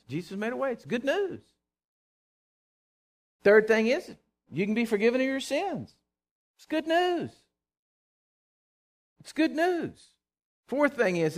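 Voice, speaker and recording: A male pastor preaching a sermon in an animated, folksy way, building to loud emphasis. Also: high voice.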